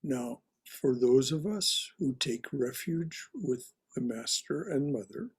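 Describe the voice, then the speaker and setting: Slow, husky man teaching scripture. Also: medium pitch, expressive. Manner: slow, deliberate reading with repetitions and restarts. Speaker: teacher of a religious class. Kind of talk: reading aloud and teaching. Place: online class.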